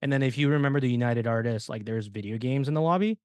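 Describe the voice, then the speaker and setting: A man in his thirties hosts a casual podcast, telling a long story with lots of asides. He slips into quick impressions of the people he talks about. His voice sits in a middle register, recorded close and dry. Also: medium pitch, clear, resonant tone, no echo. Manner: animated storyteller, acts out quoted dialogue. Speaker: podcast host.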